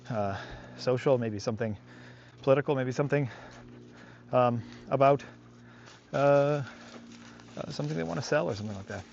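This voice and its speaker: A man's voice: medium pitch, gravelly, darkish tone, highs cut off, a little hiss or hum. A man working as a dog trainer, talking casually to the camera on an outdoor walk, rambling and reflective with many fillers.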